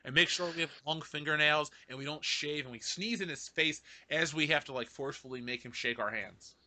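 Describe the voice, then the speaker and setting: A young man co-hosting a podcast, telling crude jokes in animated banter and laughing often. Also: a little high, brisk. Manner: animated, laughing, jumps into put-on voices. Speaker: podcast co-host.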